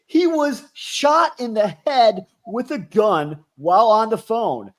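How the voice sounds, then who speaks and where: Man, podcast co-host, high voice, very lively pitch, mocking jokes. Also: slow. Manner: mocking, deadpan jokes, acts out characters. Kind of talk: casual podcast chat.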